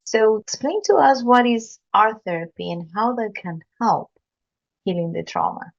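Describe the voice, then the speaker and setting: A woman's voice: a little high, expressive, moderate pace, gravelly, muffled recording. A woman hosting a podcast interview, earnest and complimentary toward her guest. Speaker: podcast host. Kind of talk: interview, formal introductions.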